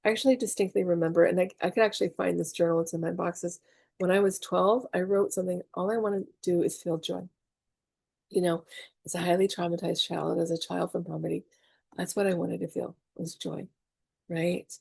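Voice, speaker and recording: A woman's voice: fairly low pitch, fairly even intonation, brisk, creaky, a little mellow, husky, dry recording. A middle-aged woman teaching a spiritual class in a chatty, confessional way, swearing freely and acting out her own panics. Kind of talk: casual online class talk.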